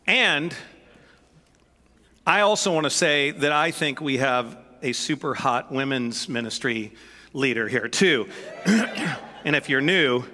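A man's voice: mid-range voice, slow pace, long pauses, big-room sound. A male pastor preaching a sermon in a church, joking and telling stories. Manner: jokey, animated, storytelling. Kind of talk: sermon with storytelling. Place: church sanctuary.

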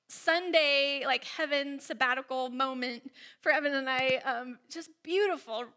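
A woman preaching a sermon with an expressive manner, leading the congregation in repeating phrases. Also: sits high. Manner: expressive, leads the congregation in call-and-response.

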